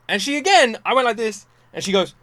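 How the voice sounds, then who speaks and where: A man's voice: sits high, big pitch swings, a little fast, fairly bright tone, no echo. A man, telling stories animatedly and swearing freely as he hosts a casual reaction video.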